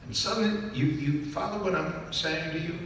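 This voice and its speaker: A man's voice: a little high, moderate pace, a bit bright, slight background noise. A man giving a live talk to an audience, emphatic and repetitive, often stopping to ask whether listeners understand. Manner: emphatic, repeats key phrases and checks in with "do you understand?". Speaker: business author speaking to an audience. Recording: echoey hall, mic far off.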